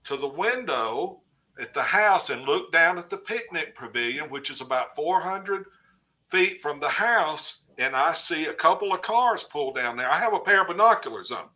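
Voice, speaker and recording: As a podcast guest, an older man shares a personal anecdote casually, bringing it alive by performing the dialogue. He speaks at normal speed in a slightly high voice.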